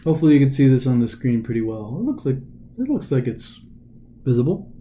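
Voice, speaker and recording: A man's voice: medium pitch, very animated, fairly quick, mellow. A man tutoring as a test prep teacher in a casual recorded lesson, talking informally and dramatizing the text as he explains it.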